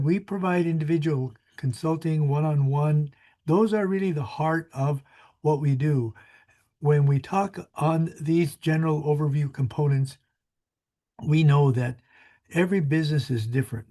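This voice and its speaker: A man's voice: fairly high pitch, dark tone. A man in his sixties, a small business advisor, giving a friendly, rambling webinar presentation with many fillers.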